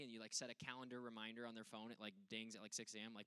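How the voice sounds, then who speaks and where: A man's voice: medium pitch, racing, fairly bright tone, clean tone, no echo. A young adult man preaching a casual sermon as a pastor, telling stories in a joking, self-mocking way.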